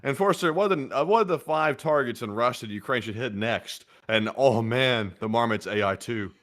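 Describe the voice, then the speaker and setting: A man co-hosting a casual livestream, reading out donations in a relaxed, rambling way. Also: medium pitch, brisk. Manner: relaxed, rambling, filler-heavy. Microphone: close desk mic.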